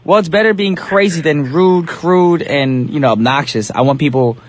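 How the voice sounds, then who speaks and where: A man's voice: fairly high pitch, moderate pace, no room sound. A man from New Jersey hosting a casual radio show in an upbeat, slangy, talkative way, speaking into a studio microphone.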